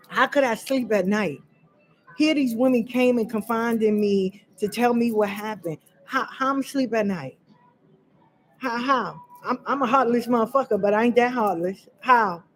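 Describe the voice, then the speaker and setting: A woman talking straight to her audience in an unscripted monologue, blunt and profane, with emphatic repetition. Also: fairly high pitch. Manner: fiery and direct, addressing listeners as y'all. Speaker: vlogger sharing personal experience.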